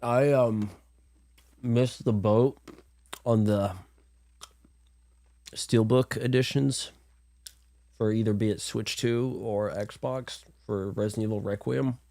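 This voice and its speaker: Low, mellow-voiced man streaming a game. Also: steady tone, slow, pauses often. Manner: rambling, chatty, self-deprecating. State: congested from illness. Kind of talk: casual gameplay commentary.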